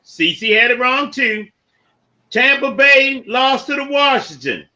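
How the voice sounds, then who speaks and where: A man hosting a casual sports podcast, running through football results and giving shout-outs to listeners by name. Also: extremely high pitch, expressive, a little slow, lo-fi sound. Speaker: podcast host.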